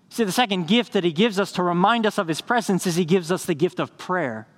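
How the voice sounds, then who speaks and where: A man preaching a sermon as a pastor, earnest, telling stories with rising excitement and dropping to hushed, slow emphasis. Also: high voice. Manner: earnest, builds to excited storytelling then slows to hushed emphasis.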